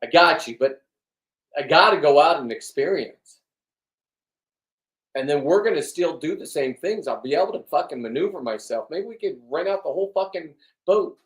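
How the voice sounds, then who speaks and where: A man's voice: fairly high pitch, lively intonation, normal speed. A middle-aged man in a rambling, blunt vlog monologue, swearing often and restarting his sentences. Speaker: vlogger. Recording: echoey room, distant from the mic.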